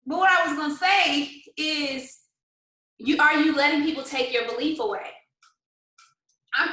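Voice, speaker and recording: A woman leading a motivational livestream for her sales team, animated and talking straight to viewers in the comments. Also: high voice, reverberant, rough recording. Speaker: network marketing team leader.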